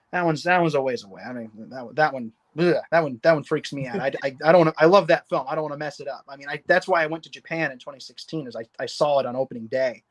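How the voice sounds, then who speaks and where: Enthusiastic, rambling male guest. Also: fairly high pitch. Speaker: guest, novelist. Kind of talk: casual livestream chat.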